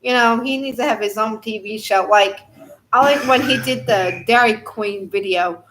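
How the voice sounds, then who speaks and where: A woman's voice: mid-range voice, moderate pace, a bit bright. A woman hosting a casual live chat at home, rambling and laughing often, with many fillers.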